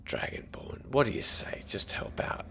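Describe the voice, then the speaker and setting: A man's voice: moderate pace, fairly bright tone, whispered, natural voice. A man voicing a sneering male street thug from a gang, with a wheedling, mocking manner and an Australian accent. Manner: wheedling, mocking, turns jittery when hurt.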